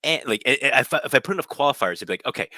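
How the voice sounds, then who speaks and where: Bright-voiced man musing on a podcast. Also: medium pitch, lively intonation, rapid-fire, no echo. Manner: thoughtful, qualifying, restarting sentences. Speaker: podcast co-host. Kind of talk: casual chat.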